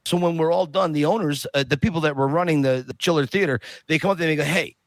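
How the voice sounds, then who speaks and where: Guy on a podcast telling a story, kinda high voice, super dry close mic, acts out the voices. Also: racing, dry recording. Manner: animated, acts out quoted voices. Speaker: podcast guest. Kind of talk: casual storytelling.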